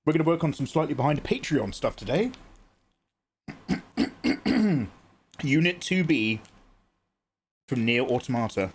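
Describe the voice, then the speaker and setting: A man streaming live, chatting casually with viewers while often clearing his throat. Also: medium pitch, very animated, a little slow, pauses often. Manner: chatty, greets viewers, jokey. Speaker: livestreaming artist.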